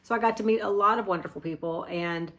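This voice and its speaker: Middle-aged woman from Arkansas, knitting vlog host, casual and rambling, medium pitch. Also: fast talker, a bit bright. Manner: chatty and rambling, with fillers and restarts. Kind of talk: casual chat to camera.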